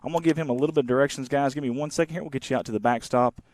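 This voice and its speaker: A man in his thirties giving casual, rambling live play-by-play of a softball game from the field outdoors. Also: mid-range voice, very fast, no room sound. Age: 30s. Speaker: sports webcaster.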